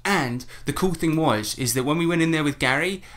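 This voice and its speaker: Bright-voiced enthusiastic English man. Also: fairly high pitch, brisk. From England. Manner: enthusiastic storyteller. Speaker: podcast co-host. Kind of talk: casual chat.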